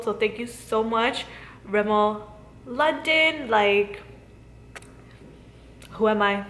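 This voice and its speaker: A woman's voice: a little high, roomy sound. A young woman vlogging casually and gushing, often saying "literally" and "like", with a giggly manner. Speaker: beauty vlogger. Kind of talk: casual vlog chat. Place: large hotel room.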